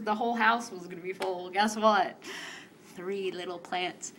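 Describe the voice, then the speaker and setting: A woman's voice: medium pitch, normal speed. A woman chatting casually, animatedly retelling events and acting out what others said. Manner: animated storyteller, acts out quotes. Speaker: vlogger recounting a police raid. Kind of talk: casual chat.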